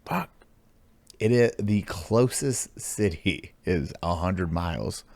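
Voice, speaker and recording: A man hosting a podcast in casual chat, telling rambling, animated stories and swearing freely. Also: low-pitched, slow pace, no echo. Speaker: podcast host.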